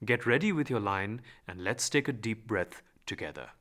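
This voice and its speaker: A man teaching a calm, guided voice lesson, giving instructions and demonstrating practice lines aloud. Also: on the low side, moderate pace. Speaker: voice and speech teacher.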